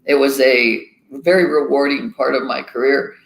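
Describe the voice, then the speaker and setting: A man's voice: medium pitch, steady tone, moderate pace, creaky, a bit bright. A middle-aged man, a company founder, chatting casually as a guest and telling folksy anecdotes. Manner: folksy, tells anecdotes with quoted dialogue. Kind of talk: casual interview chat, storytelling. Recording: echoey room.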